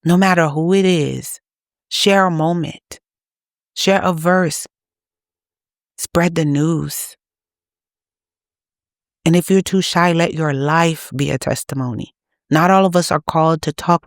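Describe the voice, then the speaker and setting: A woman's voice: deep voice, fairly even intonation, a little slow, long pauses, no room sound, studio quality. A woman preaching to her channel's viewers in an urgent, exhorting manner. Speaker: channel host. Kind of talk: preaching to camera.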